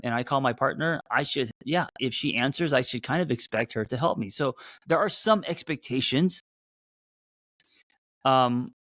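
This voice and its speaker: A man who hosts as a therapist, talking loosely to a live audience, with many fillers and restarts, and a voice that sometimes jumps up high. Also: normal speed, a bit bright, no room sound, clean studio sound. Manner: voice jumps up in pitch at times. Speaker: therapist and podcast host. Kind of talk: casual live-stream talk.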